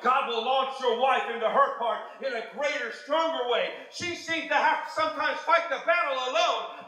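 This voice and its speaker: A fervent preacher with a high voice delivers a sermon from the pulpit. He swings from ringing shouts to low, quiet asides. The sound carries the heavy echo of a large church hall. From United States. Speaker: pastor. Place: church sanctuary.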